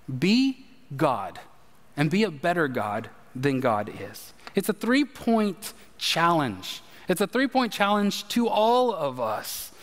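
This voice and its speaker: High-voiced pastor guy preaching hard at the crowd, big echoey church sound. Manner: animated, emphatic preaching with direct address. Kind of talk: sermon. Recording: reverberant hall.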